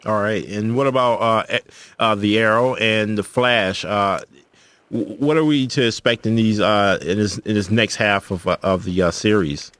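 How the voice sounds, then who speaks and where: A man hosting a radio talk show, asking halting questions with many fillers and giving upbeat plugs. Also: on the low side, a bit bright, dry recording.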